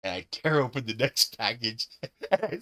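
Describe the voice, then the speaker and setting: A man's voice: medium pitch, sing-song, normal speed, sharp tone. A man hosting a live stream, telling stories in casual chat, laughing often and swearing freely. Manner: laughs often, profane, gleeful storyteller.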